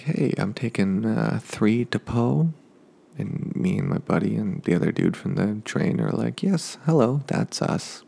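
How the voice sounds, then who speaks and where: A man telling a casual spoken anecdote, rambling along with digressive asides and dark jokes. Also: sits low, creaky, slightly rough. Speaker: storyteller.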